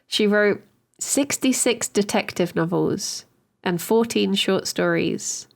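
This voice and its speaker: A woman co-hosting a casual podcast, chatty and quick to laugh. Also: mid-range voice, gravelly. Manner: chatty, laughs easily, playful. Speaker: podcast co-host. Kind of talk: casual chat.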